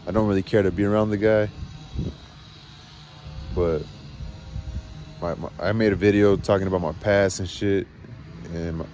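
A man's voice: low voice, mellow, slight background noise. A man in a rambling, profane monologue, venting agitatedly about family and work. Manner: rambling, frequent swearing, agitated. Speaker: vlogger.

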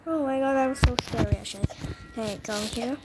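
Heavy background noise surrounds this woman's fast, high-leaning voice as she plays a horror escape game. Her casual commentary is jumpy and dramatic, shifting from whispers to sudden squeals.

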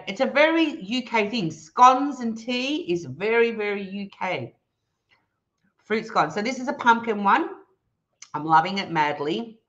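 Australian woman host, casual live-stream chat, playful and teasing, bright sharp tone, slightly dull lo-fi audio. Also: medium pitch. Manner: playful, teasing, animated, laughs often. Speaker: livestream host reading chat.

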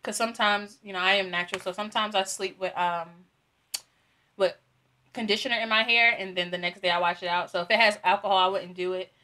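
A woman's voice: mid-range voice, steady tone, brisk, bright, forceful tone. A young woman reviewing free products in a casual unboxing vlog, chatty and giggly, with many fillers. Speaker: beauty vlogger.

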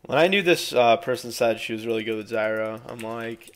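A man's voice: mid-range voice, steady tone, brisk. A young man giving frustrated, swearing live commentary over his own gameplay. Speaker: gameplay streamer.

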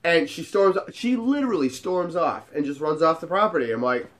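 A man's voice: a little high, animated, a little fast, a bit bright. A man in his twenties, a bartender telling a story in a casual way and acting out the dialogue. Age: 20s.

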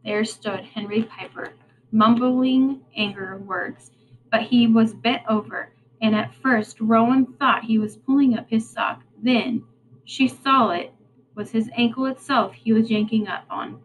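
Expressive woman reading a storybook aloud. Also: a little high, a little slow, phone-quality sound, slight background noise. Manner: expressive, prompting listeners to think. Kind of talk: storybook read-aloud with questions for children.

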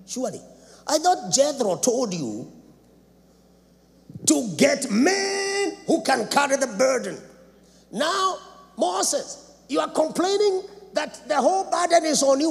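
A man preaching a sermon in a church, dramatic, swinging between loud shouts and low asides. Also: wildly swooping pitch, unhurried, gravelly. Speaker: apostle preaching. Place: church sanctuary. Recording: reverberant church hall, faint background noise.

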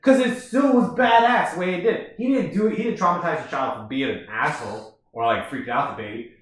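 A man in his twenties, co-hosting a podcast in casual chat and telling stories with excitable energy. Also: on the high side, a little fast. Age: 20s. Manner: excitable, animated storytelling. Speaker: podcast co-host. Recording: roomy and distant.

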